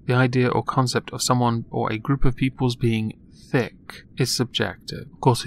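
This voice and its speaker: A man's voice: mid-range voice, fairly bright tone, slight background noise. A man hosting a sarcastic reaction commentary, speaking in a dry, mock-polite way. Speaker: commentary channel host.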